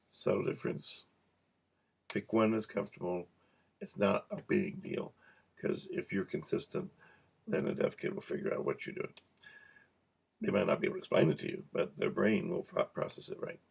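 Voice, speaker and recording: A man teaching a cueing lesson, repeating practice words slowly and joking softly as he goes. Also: low-pitched. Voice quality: gravelly. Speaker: cueing instructor. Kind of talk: relaxed teaching to camera.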